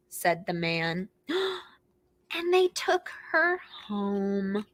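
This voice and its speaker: A woman librarian reading picture books aloud to preschoolers in an animated, expressive way, gasping and making animal noises. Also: mid-range voice, extremely slow, no echo. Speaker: children's librarian hosting storytime.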